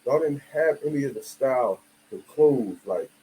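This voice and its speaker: A man's voice: mid-range voice, lively intonation, normal speed, dark tone, slight background noise, low-quality recording. A man from the United States giving a casual, emphatic monologue full of slang and "you feel me" asides. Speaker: video commentator.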